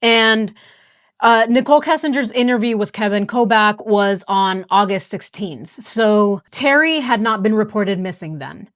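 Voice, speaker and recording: A woman's voice: medium pitch, measured pace. A woman hosting a true crime reaction show, talking through a clip and reading out search results with incredulous questions.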